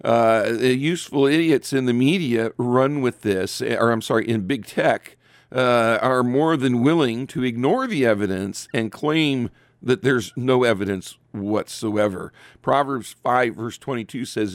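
A man's voice: mid-range voice, animated, moderate pace, no room sound. A man hosting an opinionated commentary monologue, sarcastic and full of fillers and restarts. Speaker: commentary show host.

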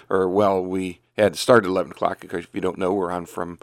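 A man's voice: deep voice, little pitch movement, dry recording, studio quality. Older man hosting a Christian radio talk. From Northeast Ohio. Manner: rambling and unhurried, with many "uh" fillers and restarts. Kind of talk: casual radio talk with prayer and scripture reading. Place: radio studio.

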